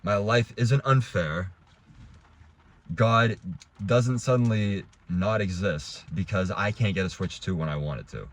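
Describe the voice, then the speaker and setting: A man's voice: lowish voice, measured pace. A young adult man giving a heated, rambling casual rant to camera, restarting and swearing as he talks. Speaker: vlogger.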